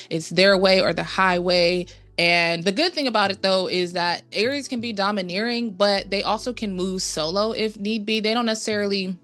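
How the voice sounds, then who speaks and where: A woman's voice: mid-range voice, fairly bright tone. A woman explaining astrology themes in films in a casual, conversational way, with restarts and fillers as she thinks aloud. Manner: conversational, with fillers and restarts, invites viewer opinions. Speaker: astrology and film commentator. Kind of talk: casual explanatory video talk.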